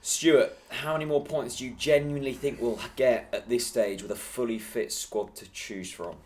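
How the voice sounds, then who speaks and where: A man's voice: mid-range voice, fairly even intonation, normal speed, darkish tone. A man co-hosting a podcast, reading out listener questions and teasing his co-host with what-if scenarios in casual chat.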